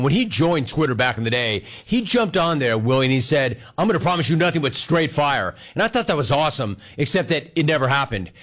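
A man's voice: a little high, a bit bright. Upbeat man hosting a sports interview. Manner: enthusiastic, laughs often, speaks emphatically. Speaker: radio show host. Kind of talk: casual interview.

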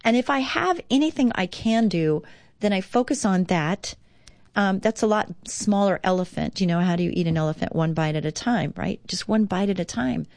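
Recorded dry and at studio quality, this middle-aged woman's voice is medium in pitch with a darkish tone and a normal pace. As a radio host of a devotional talk show, she reads and reflects earnestly and encouragingly, rising with emphasis.

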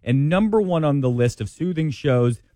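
A man, a father, co-hosting a radio segment, reading a ranked list with playful quick asides. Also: a little high, lively intonation, dark tone, no echo, clean studio sound. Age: adult with children. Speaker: radio show producer and co-host. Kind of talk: casual chat, reading a list.

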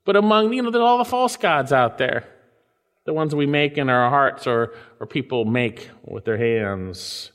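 A man preaching a sermon. He reads scripture aloud with rising emphasis and then drops into soft asides. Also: mid-range voice, expressive, measured pace, in a large hall.

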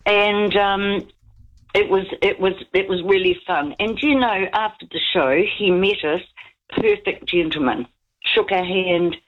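A woman's voice: medium pitch, a little slow. A woman, calling into a radio show and telling a rambling story while giggling. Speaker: caller. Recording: dull lo-fi radio call line.

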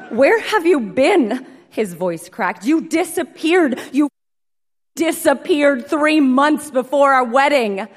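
A woman performing a comic story reading live, in a brisk, deadpan manner, heard in an echoey hall. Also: medium pitch. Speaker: comedic storyteller.

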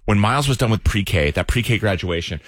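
A man's voice: on the low side, lively intonation, normal speed, a bit bright, no echo, clean studio sound. A man in his twenties telling an emotional story in casual radio chat. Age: 20s. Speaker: radio show host.

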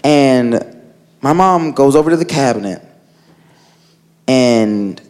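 A man doing stand-up comedy, telling a family story in an animated way, filling his talk with "like" and acting out his relatives. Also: mid-range voice, slow. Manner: animated, loads of "like" fillers, acts out family members.

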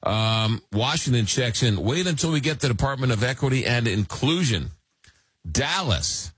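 A man's voice: mid-range voice, lively intonation, normal speed, fairly bright tone, slightly rough, no room sound. A man hosting a late-night call-in radio show, reading listener messages aloud with many fillers and restarts. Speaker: radio talk show host.

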